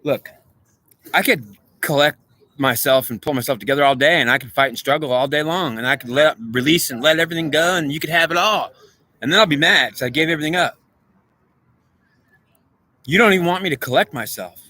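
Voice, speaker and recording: Pleading with an unseen goddess he addresses directly, a man rambles through an agitated, emotional, repetitive monologue. His voice is a little high and sharp in tone, fairly quick, with frequent pauses.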